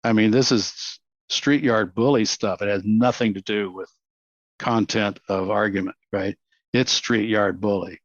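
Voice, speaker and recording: A man in his seventies with a Texan accent, telling animated stories as an interview guest and acting out quotes. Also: lowish voice, normal speed, no room sound. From Texas, USA. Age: 70s. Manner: animated, acts out quotes, laughs often. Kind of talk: reflective storytelling. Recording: dull, dry audio.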